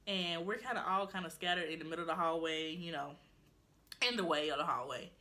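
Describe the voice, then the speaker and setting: A young woman, telling a storytime in a casual vlog, animated and acting out what her friends said. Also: sits low, a little fast. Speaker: vlogger.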